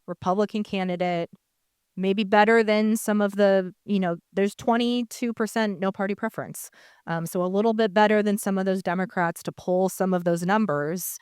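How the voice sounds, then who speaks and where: A woman's voice: mid-range voice, a little mellow, clear, resonant tone, dry recording, clean studio sound. A woman speaking on a panel as a political consultant, conversational and full of fillers. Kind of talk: panel discussion. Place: conference stage.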